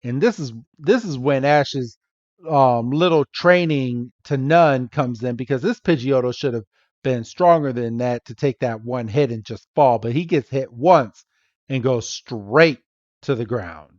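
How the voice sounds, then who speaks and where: A man's voice: mid-range voice, unhurried, a little mellow, no echo, highs cut off. A man hosting a podcast, playfully recapping an episode and acting out the characters' lines. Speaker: podcast host.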